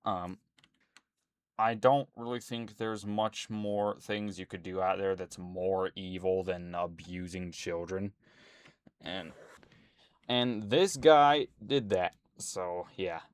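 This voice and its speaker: A man's voice: low-pitched, takes it slowly, clean tone, no echo. A man at home, rambling indignantly as a YouTuber in casual ranting commentary, full of fillers.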